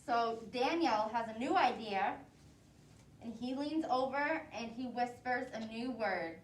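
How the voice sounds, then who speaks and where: A woman preschool teacher reading a picture book aloud to young children, asking them questions as she goes. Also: fairly high pitch. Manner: slow, expressive, asks the children questions. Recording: roomy echo, voice from a distance, faint noise.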